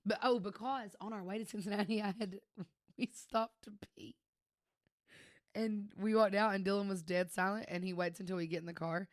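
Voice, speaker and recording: A woman's voice: mid-range voice, steady tone, moderate pace, no echo, clean studio sound. A young woman co-hosting a podcast, telling a story in casual chat and laughing often. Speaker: podcast co-host.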